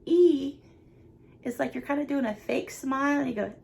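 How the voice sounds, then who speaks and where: A young woman, a nursery teacher going slowly and encouragingly through a lesson for small children. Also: sits high, gravelly, darkish tone. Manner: slow, sing-song, encouraging teacher talk.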